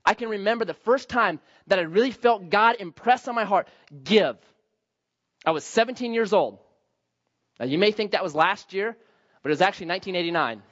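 A man in his forties preaching a sermon, telling a personal story and acting out his younger self in lively bursts. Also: brisk, dull audio. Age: 40s. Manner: animated, acts out his younger self with high excited outbursts. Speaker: pastor.

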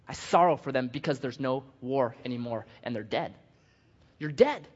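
A man preaching a sermon as a pastor, joking and animated, swinging from loud bursts to hushed asides. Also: mid-range voice, moderate pace, breathy edge. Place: church sanctuary. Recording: dull sound with long hall reverb.

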